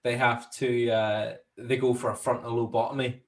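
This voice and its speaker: A man's voice: little pitch movement, moderate pace. Laughing Northern Irish man recapping episodes. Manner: laughs often, jumps into high silly voices when quoting scenes. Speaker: podcast co-host. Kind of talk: casual chat.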